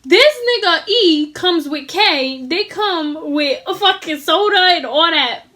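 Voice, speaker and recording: A young adult woman telling an animated, slangy storytime with lots of swearing, acting out the lines of the people in it. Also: extremely high pitch, slow. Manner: acts out dialogue in quoted voices. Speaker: vlogger. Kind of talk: casual storytime.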